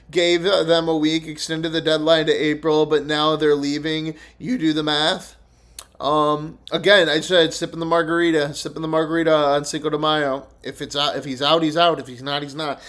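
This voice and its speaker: A young man in casual, profane live-stream commentary, reacting to news clips, loud and laughing and swearing constantly. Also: a little high.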